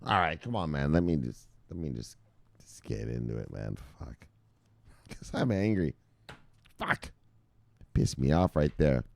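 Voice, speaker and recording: A man hosting a crypto news show, ranting with heavy swearing, jumping between loud outbursts and low mutters. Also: very animated, unhurried, gravelly, pauses often, dry recording. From United States. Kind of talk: profane animated ranting commentary.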